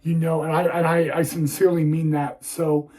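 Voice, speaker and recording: A young man telling a personal story on his vlog, halting and repeating words, audibly emotional and close to tears. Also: a little high, little pitch movement, a little mellow. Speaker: YouTuber.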